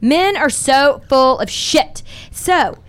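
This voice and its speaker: A middle-aged woman hosting a podcast, telling a candid, profane dating story in animated casual chat. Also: sits high, slow pace. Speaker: podcast host.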